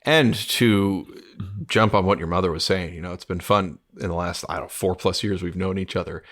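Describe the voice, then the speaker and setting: A middle-aged man co-hosting a discussion podcast, telling stories in an animated way with restarts. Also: sits low, normal speed. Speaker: podcast co-host. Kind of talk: casual discussion.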